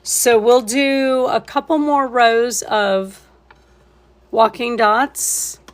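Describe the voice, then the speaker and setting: A woman's voice: fairly high pitch, steady tone, very slow. A woman leading a live painting tutorial, laid-back and thinking aloud as she works. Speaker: painting instructor.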